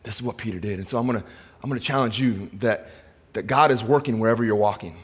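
A male pastor preaching a sermon, impassioned, swinging between loud, urgent preaching and hushed asides. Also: fairly low pitch, fast talker, husky. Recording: reverberant hall.

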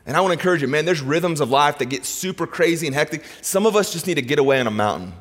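A middle-aged man preaching a sermon in a church, animated and conversational, swinging between loud excitement and hushed softness. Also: a little high, rapid-fire, in a large hall. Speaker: pastor. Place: church sanctuary.

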